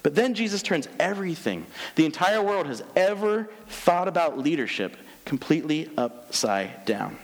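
A man pastor delivers a chatty, animated sermon, dropping to a slow, deliberate pace when reading scripture. His voice sits a touch high and moves with lively swings in pitch. Long reverb from a large hall trails behind each phrase. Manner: conversational, animated, reads scripture slowly.

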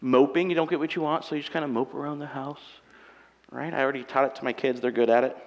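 A married man preaching a sermon with animated, self-mocking humor, acting out everyday quarrels. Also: medium pitch, fast, dull audio. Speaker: pastor. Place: church auditorium. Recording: long reverb of a large hall.

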